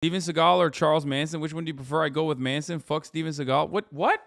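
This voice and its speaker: A man streaming live, reacting to clips with profane, mocking, animated commentary. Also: fairly high pitch, quick pace, gravelly, no room sound, clean studio sound. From United States.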